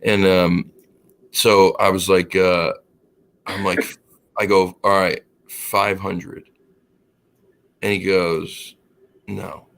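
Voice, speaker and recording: A man chatting casually on a podcast, telling an anecdote and acting out the dialogue with lively quoted voices. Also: low-pitched, drawn-out words, creaky, pauses often. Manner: animated, acts out quoted dialogue; laughs while telling the story. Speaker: podcast co-host. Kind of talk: casual storytelling chat.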